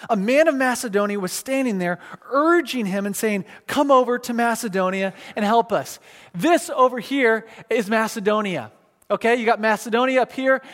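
A man preaching a sermon, teaching from a map in a conversational, animated way, with frequent fillers and restarts. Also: sits high. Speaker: pastor. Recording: long hall reverb.

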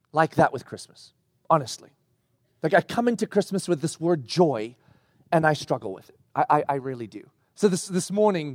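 A middle-aged male pastor preaching, telling a personal story with lively, acted-out bits. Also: on the high side, no echo, clean studio sound. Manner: animated storytelling with acted-out quotes. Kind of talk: sermon. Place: church.

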